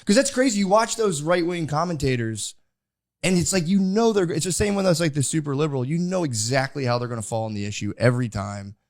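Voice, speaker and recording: Speaking quickly and with animation, this young American podcast host has a slightly high voice. He rambles through a casual interview, leaning heavily on fillers, especially "like." The audio is studio quality, with no echo.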